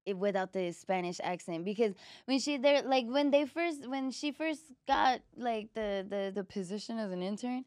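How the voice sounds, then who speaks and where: A woman hosting a comedy podcast in casual chat, loud, laughing often and swearing freely. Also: on the high side, normal speed, few pauses, dry recording, clean studio sound. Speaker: podcast host.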